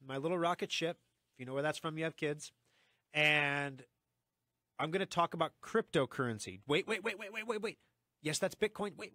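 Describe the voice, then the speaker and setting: Excited, fast-talking male radio host. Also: fairly high pitch, no echo. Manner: excited, fast talker who restarts often. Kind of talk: lively radio talk show. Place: radio studio. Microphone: studio microphone.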